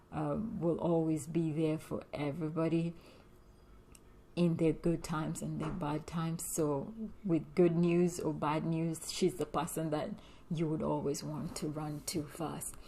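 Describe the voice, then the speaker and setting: A woman's voice: low-pitched, a little mellow. A woman vlogger telling a personal story in a confiding way, with many fillers and frequent drops into a whisper. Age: adult with a young daughter.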